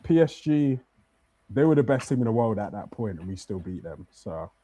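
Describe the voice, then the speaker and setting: A man's voice: lowish voice, very animated, normal speed, mellow, dry recording. A man co-hosting a casual football chat in a laid-back, agreeable way. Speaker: co-host.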